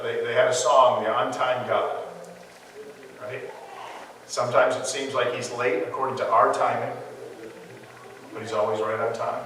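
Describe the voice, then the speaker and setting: A man's voice: mid-range voice, fairly bright tone, slight background noise. A man leading a conversational Bible study, questioning his listeners and laughing along with them. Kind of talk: interactive Bible study teaching. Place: church hall. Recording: echoey hall from far off.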